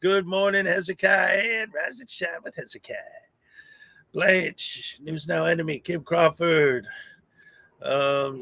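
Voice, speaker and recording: A man's voice: a little high, steady tone, unhurried, creaky, sharp tone, no echo. A man hosting a morning livestream, cheerfully greeting chat viewers by name in casual talk. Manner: upbeat, greets viewers by name, laughs often. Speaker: livestream host. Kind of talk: casual live chat shout-outs.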